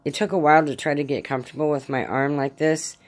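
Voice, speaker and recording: A middle-aged woman at home, in pain after arm surgery, rambling through a casual spoken diary with many halting fillers. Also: low voice, fairly even intonation. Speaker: vlogger.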